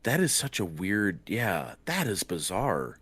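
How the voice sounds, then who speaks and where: A man's voice: sits low, huge pitch swings, unhurried, fairly bright tone, breathy edge. A man, a guest on a podcast, chatting casually, rambling and swearing freely. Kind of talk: casual chat.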